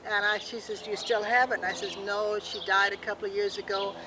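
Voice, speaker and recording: An older woman outdoors in a backyard, chatting and telling an anecdote to family on a home video, animated when she quotes herself. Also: medium pitch, fast, noisy background. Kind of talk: casual home video chat. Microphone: home video camera.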